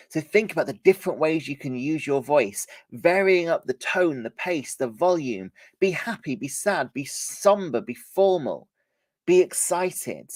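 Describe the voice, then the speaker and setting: A male trainer teaching a workshop, his voice a little hoarse from a cold. He speaks at a middling pitch, keeps the delivery lively with swings in loudness and speed, and the sound is close and dry. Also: dry recording. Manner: lively, varies volume and pace to demonstrate. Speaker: presentation skills trainer. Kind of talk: live workshop lesson.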